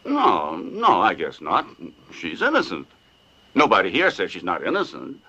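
A man's voice: low voice, wildly swooping pitch, normal speed, bright, forceful tone, husky, full character voice. An actor playing a cautious small-town police officer who speaks hesitantly and defers to his boss, in a dubbed film. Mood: uneasy. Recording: lo-fi film soundtrack.

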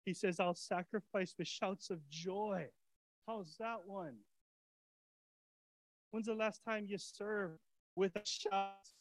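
High-voiced animated male preacher. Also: low-quality recording. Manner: animated, swings from soft to shouting; casual preacher's talk with fillers and repeats. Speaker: pastor. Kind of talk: sermon.

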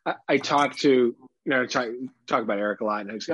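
Husky-voiced dad swearing casually. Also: male voice, mid-range voice, moderate pace, no room sound, highs cut off. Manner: candid, swears freely, animated impressions. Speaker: podcast co-host. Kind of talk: casual chat.

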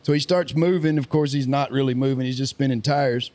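A man's voice: mid-range voice, brisk. A man telling a story in casual podcast chat, acting out what people said. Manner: animated storyteller, acts out quotes. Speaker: podcast host.

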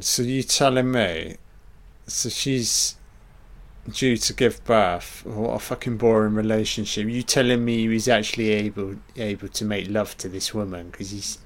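A man giving a casual, profane and sarcastic commentary over a film. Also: lowish voice. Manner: profane, sarcastic riffing on the scenes.

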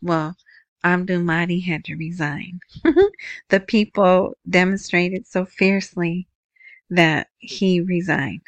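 Kinda low-voiced woman talking slow about the news, dry close sound, keeps saying right?. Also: steady tone, no echo. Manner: chatty, asks "right?" often, slow and unhurried. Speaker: video host. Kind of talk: casual news commentary.

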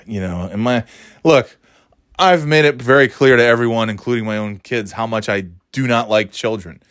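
A man's voice: mid-range voice, normal speed, fairly bright tone, smooth, no room sound, clean studio sound. A middle-aged man telling a story in a casual monologue, swearing often in a sardonic, ranting way.

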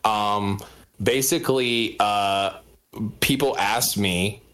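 A man's voice: fairly low pitch, takes it slowly, a bit bright. A man in his thirties, a guest on a podcast, chatting casually and telling a story with many fillers. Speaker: guest rapper.

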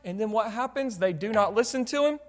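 A man's voice: sits high, expressive, brisk. A man preaching a sermon to his church, talking conversationally and asking the congregation rhetorical questions. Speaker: pastor. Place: church sanctuary. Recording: long hall reverb.

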